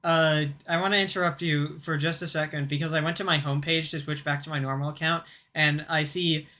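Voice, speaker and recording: A young woman with a bright, clear tone chats casually as a podcast co-host. She stumbles and restarts often while she gets her thoughts out. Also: low-pitched, fairly even intonation. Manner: halting, with frequent restarts and stumbles. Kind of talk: casual chat.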